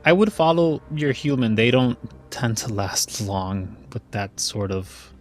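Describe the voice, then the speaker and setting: Man doing a wry lady shopkeeper, sly and teasing, pitched up high. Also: animated, a little slow, faint music behind, close to an everyday voice. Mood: amused. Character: wry woman merchant, knowing and amused.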